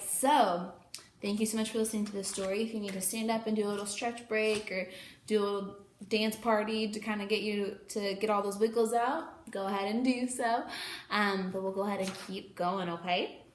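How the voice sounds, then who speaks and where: A woman teacher giving an online lesson to young children, slowly and clearly sounding out letters and words. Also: mid-range voice, fairly even intonation, roomy sound, a little hiss or hum.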